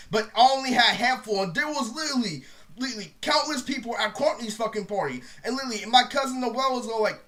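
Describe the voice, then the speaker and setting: A young man tears through a rambling storytime rant at speed, swearing freely and leaning on "literally" again and again. His voice sits high and bright, with a tense edge. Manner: profane, rambling, says "literally" constantly. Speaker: vlogger.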